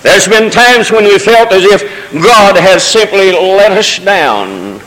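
A man's voice: high voice, animated, takes it slowly, fairly bright tone. Man preaching in a reverberant church. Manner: preaching with folksy asides and rising emotional cadences. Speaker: pastor. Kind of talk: sermon. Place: church sanctuary during a service. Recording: long reverb of a church hall.

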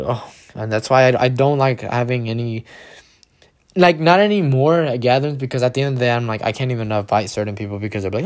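A young man ranting casually and with much profanity, often mimicking people in mocking, higher voices. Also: quick pace.

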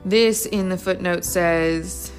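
A woman's voice: fairly low pitch, fairly even intonation, slow, faint music behind. A woman teaching a casual Bible study, chatty and enthusiastic, thinking aloud as she goes through the passage.

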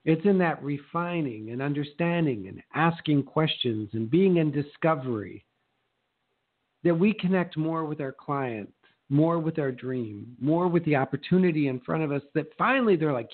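A middle-aged man coaching real estate agents in a motivational talk, lively and acting out little exchanges in shifting voices. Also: fairly high pitch, moderate pace. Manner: animated, acts out quoted exchanges in changing voices. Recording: narrow phone-like sound.

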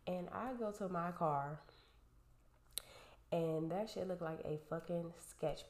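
A woman vlogger telling a profane, animated storytime rant straight to her viewers. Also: fairly low pitch, moderate pace. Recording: roomy echo.

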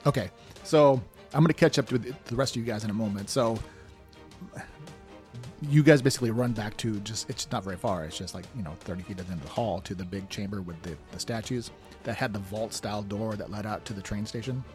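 A man's voice: fairly low pitch, brisk, darkish tone, faint music behind. A man narrating a tabletop game as game master, in a loose, rambling way with fillers.

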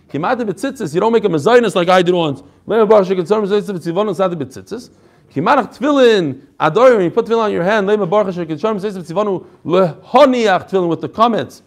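A man's voice: high voice, expressive, fast. A male Torah teacher giving a classroom lecture, reading each phrase and then explaining it with energy, adding chatty asides and jokes.

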